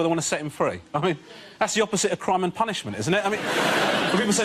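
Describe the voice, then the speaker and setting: A man, a bit higher-pitched than most men, doing a stand-up routine on a TV panel show. He rants in a sarcastic, exasperated way. Loud background noise fills the studio recording. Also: sing-song, fast. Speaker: comedian panelist.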